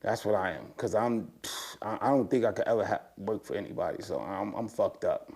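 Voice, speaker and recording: Animated, profane man telling street stories. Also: brisk, gravelly. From United States. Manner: animated storytelling, slangy and profane, voice rising high when excited. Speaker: interview guest. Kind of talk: casual conversation.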